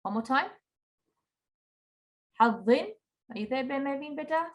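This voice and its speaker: A woman leads an online recitation class over a video call, her voice sitting a little high. She is patient and encouraging and says sounds slowly so students can copy them. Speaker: Qur'an recitation teacher.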